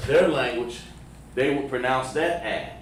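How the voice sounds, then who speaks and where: A Southern American man gives a pronunciation lesson on a livestream, sounding out syllables one at a time. He speaks in a halting way and often repeats his words. His voice comes from a mic some distance away and carries the echo of the room. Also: mid-range voice, slight background noise. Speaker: religious language teacher.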